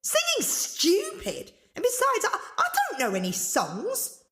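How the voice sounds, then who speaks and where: A woman's voice: very high-pitched, huge pitch swings, a little slow, a bit bright, pitched above the performer's own voice, heavily acted. A woman storyteller voicing a rude, bratty young girl who whines shrilly and sounds indignant. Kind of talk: storybook character voice.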